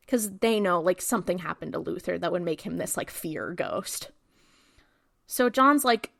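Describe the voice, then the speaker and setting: A woman co-hosting a podcast, recapping a TV episode in a casual, animated way and acting out the characters' lines. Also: mid-range voice, normal speed, gravelly, no room sound, studio quality. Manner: animated retelling, acts out quotes. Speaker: podcast co-host.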